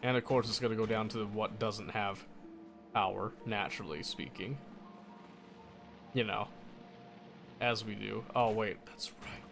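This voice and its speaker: A man talks through a building game at an unhurried pace, thinking out loud. He mutters to himself and corrects his own slips as he plays. Soft game music runs faintly under his voice. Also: fairly low pitch, steady tone, gravelly. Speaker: gameplay streamer. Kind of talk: casual gameplay commentary.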